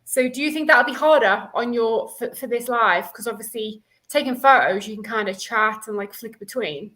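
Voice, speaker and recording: A woman's voice: on the high side, normal speed, fairly bright tone, rough recording. A woman chatting on a video call to a live stream, bubbly, with lots of "like" fillers. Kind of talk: casual chat.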